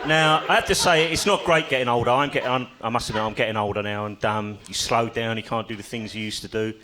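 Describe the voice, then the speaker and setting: A man's voice: medium pitch, steady tone, fast, a crowd in the background. An older man doing a stand-up comedy set on a club stage, telling stories with dry, self-mocking humor.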